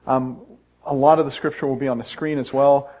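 A man's voice: medium pitch, steady tone, brisk. A pastor in his sixties preaching a sermon to his congregation, telling personal stories in a folksy, conversational way with self-deprecating humor. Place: church sanctuary. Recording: dull, muffled sound.

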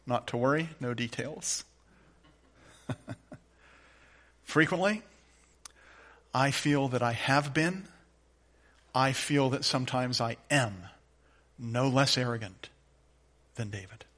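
A middle-aged man preaching a sermon as pastor, moving from quiet, conversational storytelling to emphatic, rising declarations. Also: mid-range voice, takes it slowly, long pauses.

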